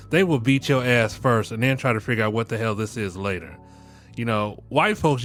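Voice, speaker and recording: A man's voice: medium pitch, fairly bright tone. A middle-aged man hosting a podcast, joking and ranting with profanity, often breaking into laughter. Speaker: podcast host. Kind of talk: casual podcast commentary.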